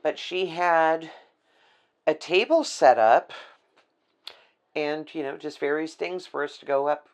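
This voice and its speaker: Style: casual podcast chat. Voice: gravelly, creaky. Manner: affectionate and chatty. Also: medium pitch, animated, slow, pauses often. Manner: chatty, affectionate, name-dropping. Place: indoor podcast set.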